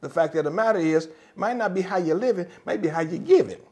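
A man preaching a sermon and leading prayer as a pastor, with a folksy, repetitive cadence that rises to loud, passionate exhortation. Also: high-pitched, expressive, quick pace. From United States.

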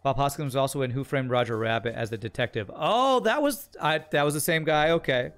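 A man's voice: medium pitch, expressive, brisk, a bit bright, soft background music. Chatty male game streamer. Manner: chatty, rambling, thinks aloud. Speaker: streamer playing a strategy game. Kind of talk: casual gameplay commentary, reading chat.

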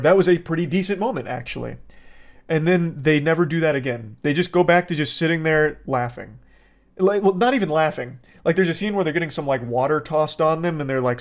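A man hosting a movie review, talking sarcastically and rambling with many fillers. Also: on the high side. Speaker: host.

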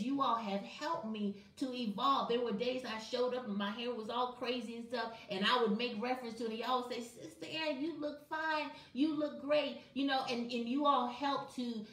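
A woman's voice: on the high side, a bit bright, roomy sound, distant mic. A woman preaching to her viewers on a morning live stream, impassioned and conversational, calling on people by name. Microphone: webcam or phone on a live video.

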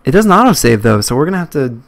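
A man's voice: mid-range voice, very animated, quick pace. A young man commentating a live horror game stream, jumpy and swearing at scares. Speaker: let's play streamer.

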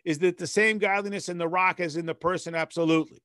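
A rabbi leads a text study class as a patient, conversational teacher, reading passages in Hebrew and explaining them in plain English with everyday analogies. His high-pitched voice is steady, quick, and a bit bright, captured with studio quality and no room sound.

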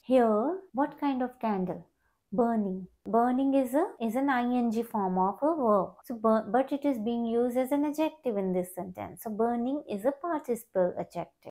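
Woman teacher going thru grammar examples step by step, repeats herself a lot, fairly high mellow voice. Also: expressive, normal speed. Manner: explains step by step, repeats words. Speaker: English teacher. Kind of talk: grammar lesson.

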